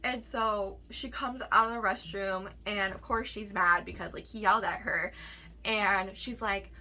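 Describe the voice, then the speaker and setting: Bright-voiced young woman ranting a storytime. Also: medium pitch, fairly even intonation, a little slow. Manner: candid, heavy swearing, many fillers and tag questions. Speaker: vlogger. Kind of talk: casual storytime rant.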